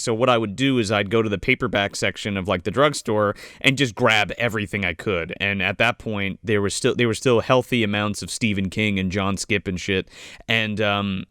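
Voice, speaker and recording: A man's voice: lowish voice, fairly bright tone, smooth, dry recording, clean studio sound. A man co-hosting a podcast in casual chat, laid-back and profane, often laughing as he talks. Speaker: podcast co-host.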